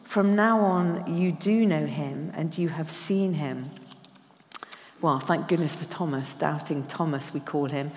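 Woman preacher, slightly low voice, conversational sermon with echoey church reverb. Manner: conversational, reads scripture slowly and emphatically.

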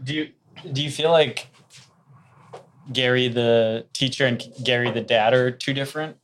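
A man's voice: mid-range voice, fairly even intonation, normal speed, a bit bright, slight background noise. A man musing in casual interview talk. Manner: musing, conversational questions. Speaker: podcast host.

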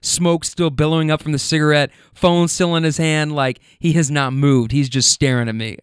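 A man working as a rideshare driver, telling stories in an animated way, swearing freely and using plenty of fillers. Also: a little high, moderate pace, smooth, dry recording, studio quality. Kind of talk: casual storytelling.

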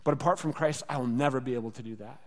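A man's voice: medium pitch, rapid-fire. Earnest male pastor in a reverberant hall. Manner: earnest, conversational preaching with rhetorical repetition. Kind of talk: sermon. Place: church sanctuary.

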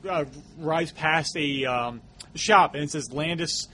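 A man on a podcast talks through a film in a casual, meandering way, full of "uh" and "like." His voice sits a little high and sounds bright and forward. A faint hiss runs underneath. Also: slow pace. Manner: rambling, filler-heavy, loose retelling. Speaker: podcast co-host. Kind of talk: casual movie discussion.

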